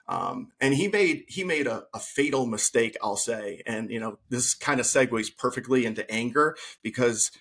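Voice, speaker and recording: A man speaking at an ordinary, middle pitch recounts his own story as a podcast guest. He talks earnestly and slips into the quoted voices of the people involved as he goes. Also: moderate pace, gravelly, a bit bright. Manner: earnest, retells scenes by acting out quoted speech. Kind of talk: personal storytelling in conversation.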